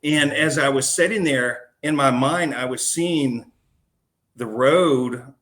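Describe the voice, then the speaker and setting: A man's voice: medium pitch, slow pace, fairly bright tone. A man, a podcast guest, recounting a personal story in a casual, slangy way. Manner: casual and slangy, calling the host man and dude.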